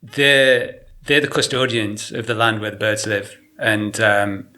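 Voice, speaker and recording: A middle-aged man from England, a guest artist in casual chat, talking in a rambling, animated way and laughing often. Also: lowish voice, unhurried.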